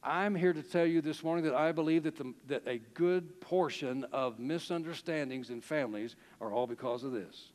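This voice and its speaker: A man's voice: on the high side, moderate pace, few pauses, darkish tone. A man preaching a sermon, telling stories, reading quotes aloud and chuckling often. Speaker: pastor. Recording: long hall reverb.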